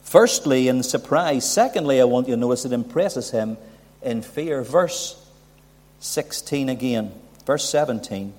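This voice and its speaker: A man's voice: medium pitch, lively intonation, a little slow, a little mellow. A man preaching a sermon, building emphasis and asking rhetorical questions. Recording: long hall reverb.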